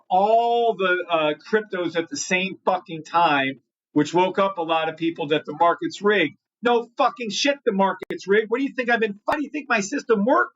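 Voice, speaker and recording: A man's voice: sits high, fairly bright tone, muffled recording. A man hosting a live trading stream, greeting chat by name and talking bluntly with lots of swearing. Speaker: livestream trading host. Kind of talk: live market commentary reading chat.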